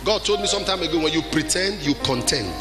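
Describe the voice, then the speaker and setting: Shouting preacher over music. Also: male voice, on the high side, animated, a little fast. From Nigeria. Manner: exhorting, swings from shouting to quiet storytelling. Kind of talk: sermon. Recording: music behind the voice.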